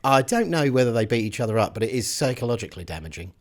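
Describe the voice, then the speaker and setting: Podcast co-host: woman, low-pitched for a woman, very lively pitch, playful and rambling. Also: very fast. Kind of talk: casual chat.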